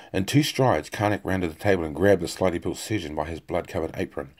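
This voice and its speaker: A man reading a fantasy novel aloud in a steady, measured way, with plain narration. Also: low voice. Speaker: audiobook reader. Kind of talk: audiobook narration. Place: home.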